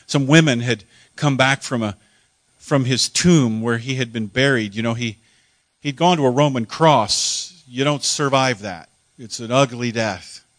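Speaking in the first person, a man preaches a dramatic monologue sermon built around a story. He sounds emotional and halting, repeating words when feeling moved, in a mid-range, fairly bright voice recorded without any room sound.

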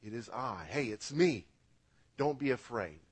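A man's voice: mid-range voice, lively intonation, measured pace, breathy edge. A man preaching a radio sermon as pastor, with emphatic rises and drops, asking the congregation to repeat words after him.

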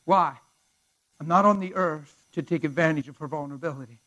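A fervent male preacher tells a story in a slightly higher voice. He talks to his listeners conversationally and often sinks to a hushed near-whisper. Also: fairly quick, low-quality recording. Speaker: pastor. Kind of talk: storytelling sermon.

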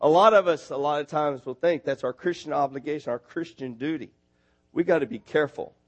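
A man preaching in church, his voice pitched high for a man. He is animated and conversational, building to loud, emphatic peaks when he drives a point home. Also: a little fast, lo-fi sound. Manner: animated, rising to near shouts when stressing a point. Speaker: missionary preacher. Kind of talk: sermon.

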